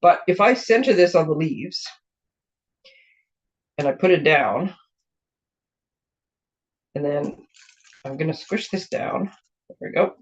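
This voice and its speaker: A slightly hoarse woman hosting a casual card-making demonstration, chatty and rambling, often breaking off mid-sentence. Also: low voice, expressive, slow pace, long pauses. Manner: chatty, rambling, self-interrupting. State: slightly hoarse, clearing her throat. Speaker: craft demonstrator and show host. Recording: dull lo-fi recording.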